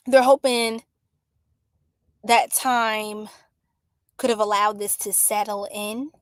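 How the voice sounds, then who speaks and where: A woman giving a casual live-stream astrology reading, chatty and exclamatory, with drawn-out fillers. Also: a little high, no room sound. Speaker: astrology tarot reader. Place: home room by a window.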